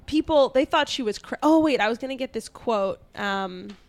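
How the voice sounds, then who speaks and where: Brief: young woman, podcast co-host, pitch a touch high, loose and chatty, laughs easily. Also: lively intonation, normal speed. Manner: chatty, laughs often, trails off and restarts. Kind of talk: casual chat, retelling history.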